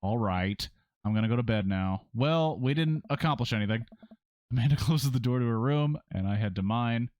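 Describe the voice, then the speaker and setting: A man reads a story game aloud on a stream, casual and sarcastic, swearing freely as he rants. His voice sits at a middle pitch. The sound is close and dry, with no room around it. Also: normal speed, a little mellow, no echo.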